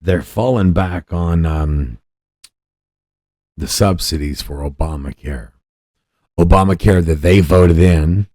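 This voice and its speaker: A man's voice: low-pitched, slow pace, long pauses, dark tone, no echo, studio quality. A man hosting a podcast, giving blunt, profane political commentary in a ranting manner. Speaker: podcast host.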